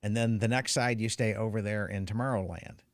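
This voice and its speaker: A man hosting a podcast, reading an ad and steering the chat in a brisk, organized way. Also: lowish voice, fairly even intonation, no room sound, clean studio sound. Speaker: podcast host. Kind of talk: casual podcast chat and ad read.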